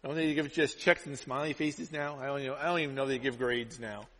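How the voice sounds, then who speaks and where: A male pastor preaching a sermon, telling stories with lively acted-out quotes. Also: medium pitch, brisk. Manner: animated storytelling, acts out quotes. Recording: long hall reverb.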